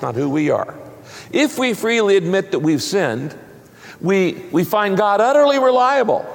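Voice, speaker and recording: A man's voice: on the high side, vocal fry, a little mellow. A man preaching a sermon as pastor, emphatic, with big swings up and down in his voice. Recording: long reverb of a large hall.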